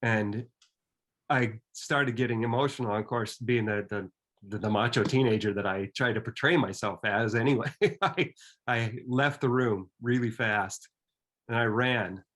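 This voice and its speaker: A man in his fifties shares a personal story in a plain, mid-pitched voice. He speaks earnestly and reflectively. His phrases come in halting bits, with frequent restarts. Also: a bit bright.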